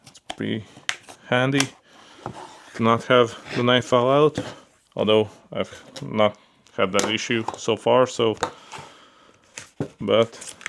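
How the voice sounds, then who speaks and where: Gravelly man reviewing gear casually. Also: medium pitch, takes it slowly, slight background noise. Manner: relaxed, repeats fillers like "pretty cool" and "yeah"; handles the gear while talking. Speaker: product reviewer.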